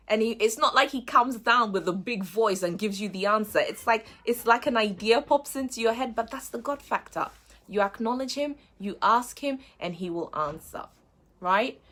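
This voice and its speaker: A woman's voice: medium pitch, normal speed, fairly bright tone. A woman hosting a faith-based motivational show, speaking earnestly and repeating key phrases for emphasis.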